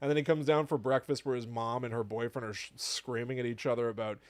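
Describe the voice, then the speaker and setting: A man's voice: mid-range voice, fairly even intonation, fast, dry recording. A man in his thirties co-hosting a podcast, talking casually and ranting animatedly, with bursts of mocking impressions. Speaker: podcast co-host. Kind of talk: casual chat.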